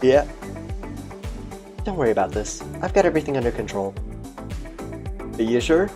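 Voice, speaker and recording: A man's voice: medium pitch, very animated, moderate pace, music in the background, close to an everyday voice. A man voicing a crude, swearing male police commissioner with an Australian accent in a game. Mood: blustering. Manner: swearing, blustering.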